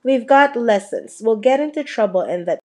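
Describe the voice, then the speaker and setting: Woman voicing impatient young schoolboy, pleading, mellow tone. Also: fairly high pitch, expressive, normal speed, natural voice.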